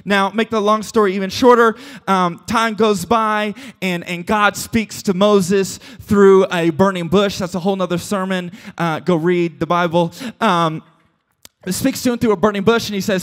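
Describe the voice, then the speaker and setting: A man preaching a casual, joking sermon as a pastor, retelling a story with quick asides and playful voices for its characters. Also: high-pitched.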